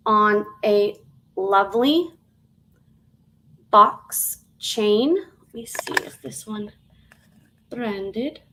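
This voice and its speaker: A woman selling jewelry on a live stream, chatty and unhurried, dropping to soft half-whispers and breaking into sing-song greetings. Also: mid-range voice, a little hiss or hum, low-quality recording. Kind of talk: live auction sales stream.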